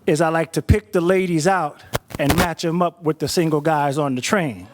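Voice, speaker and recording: Guy putting on a laid back train conductor, slangy matchmaker type, high voice. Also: normal speed, noisy background, natural voice. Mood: hearty. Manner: easygoing, slangy. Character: friendly male train conductor, playful matchmaker.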